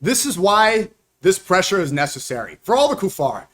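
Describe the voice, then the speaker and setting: A man's voice: high-pitched, sing-song, normal speed, fairly bright tone. A young man streaming live, firing off combative, accusatory rebuttals to clips in a heated reaction commentary.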